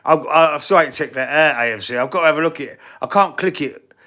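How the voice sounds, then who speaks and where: Cockney bloke ranting on a footy stream, swears a lot, voice sits a bit high. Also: male voice, fast talker, sharp tone. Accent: London Cockney. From England. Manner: blunt, swears freely, talks to the chat. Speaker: football live-stream host. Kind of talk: casual live-stream chat.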